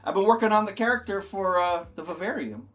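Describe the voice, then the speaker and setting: A man playing an emotional male clown employee in an improvised comedy sketch, rambling on and bursting into shouted bits. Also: high-pitched, brisk, faint music behind.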